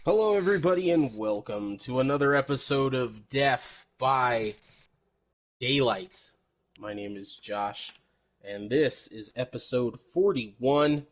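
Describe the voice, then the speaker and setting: Male podcast host from El Paso, casual and profane, mid-pitched voice, talks in loose rambling asides. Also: slow pace. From El Paso, Texas.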